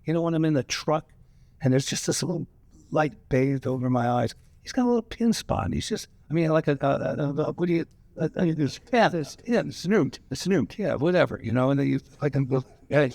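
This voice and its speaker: A man's voice: a little high, brisk, vocal fry, a little mellow, no echo. An older man, a guest actor at a screening Q&A, telling loose, profane, laughing anecdotes on a cinema stage. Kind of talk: rambling anecdotal storytelling. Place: cinema stage before a live audience.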